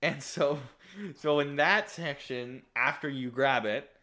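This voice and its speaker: A man's voice: medium pitch, takes it slowly, pushed and bright. A young man co-hosting a podcast, rambling through a casual chat with lots of restarts and laughs. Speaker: podcast co-host.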